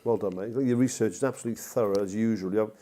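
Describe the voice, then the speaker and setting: Fast, sarcastic low-voiced man. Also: mellow. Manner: sarcastic, quick interjecting quips. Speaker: podcast co-host. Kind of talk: comedic podcast chat.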